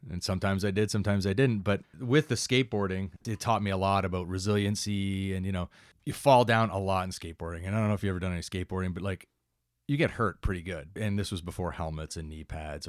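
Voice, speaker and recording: A man's voice: sits low, no echo, clean studio sound. A Canadian man in his forties, a fire captain and paramedic, telling stories in a casual interview and jumping into quoted voices. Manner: animated, jumps into quoted voices.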